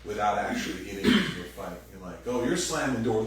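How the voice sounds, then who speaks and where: A man giving a sermon as pastor, animated and conversational, acting out quoted voices loudly. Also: fairly low pitch, brisk, a crowd in the background. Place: church hall. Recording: very echoey room, distant mic, faint noise.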